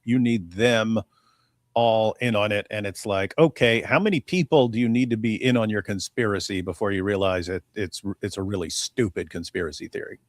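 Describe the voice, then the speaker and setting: A man's voice: fairly low pitch, moderate pace, dry recording. A man co-hosting a live stream, chatting casually and bluntly dismissing a theory, repeating words as he builds his point. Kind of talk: casual debate chat.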